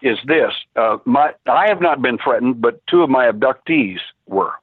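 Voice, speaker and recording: Older man, rambling storyteller, husky, dry thin phone sound. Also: medium pitch, animated, normal speed, no echo. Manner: rambling, many fillers and restarts. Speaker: phone-in guest; private investigator and former cop. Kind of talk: casual storytelling. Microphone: telephone. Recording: tinny dry phone line.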